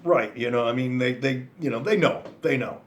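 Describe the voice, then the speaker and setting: At normal speed, in a mid-range voice, a drained man speaks casually to camera for his male viewers. He's frustrated, disappointed and resigned, rambling from one thought to the next and swearing plenty.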